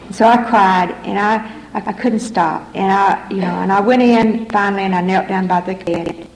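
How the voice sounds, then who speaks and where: Her voice is mid-range and a little mellow, moving at a moderate pace. She is a middle-aged woman sharing her own story at a recovery meeting held in a hall, earnest and repeating herself. Faint background noise and room echo come through on the recording.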